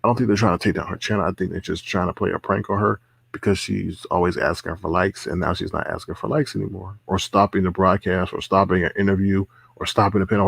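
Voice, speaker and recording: A man's voice: low voice, level tone, fast, vocal fry, fairly bright tone, breathy edge, no room sound. A man hosting a casual livestream, reading chat comments aloud, laughing often and repeating himself. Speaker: livestream host.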